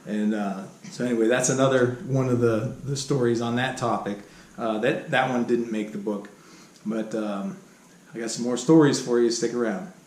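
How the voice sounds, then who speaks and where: A man's voice: mid-range voice, fairly even intonation, normal speed, darkish tone. A middle-aged man casually telling stories from his own life, rambling with many fillers and restarts and chuckling as he goes. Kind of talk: casual spoken storytelling. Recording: roomy recording with faint background hum.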